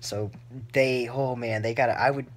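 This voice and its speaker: A woman's voice: a bass voice, fairly even intonation, moderate pace. A woman book vlogger reacting live to her reading, emotional and gushing, close to tears and full of "like" fillers.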